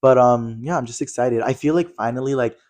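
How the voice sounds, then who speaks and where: A man's voice: medium pitch, brisk, darkish tone. A young man co-hosting a podcast in casual chat, gushing and slang-heavy, filling his talk with "like" and "literally". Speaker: podcast co-host.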